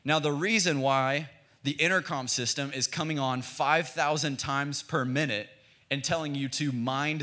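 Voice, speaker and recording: Young American pastor, bright, lively tone, easygoing and jokey, pulls the congregation in to answer back. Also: male voice, medium pitch. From United States. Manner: casual, joking, calls for congregation responses. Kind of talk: sermon.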